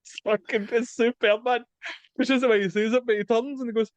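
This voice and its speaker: A man's voice: extremely high pitch, fairly even intonation, brisk, no room sound. A man in casual, sweary film chat, rambling and dropping mate and aye, talking over a video call. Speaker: podcast co-host.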